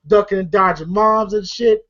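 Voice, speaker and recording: A menacing ex-convict drawls out threats in easy, casual street talk, as a man puts him on. The voice sits near an everyday pitch, and the recording is dull and lo-fi. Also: normal speed, fairly bright tone.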